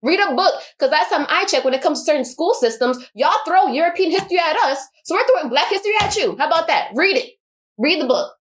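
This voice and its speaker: A woman's voice: high-pitched, lively intonation, fast talker. A woman giving an impassioned personal monologue, emphatic and repeating her points for force. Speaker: vlogger.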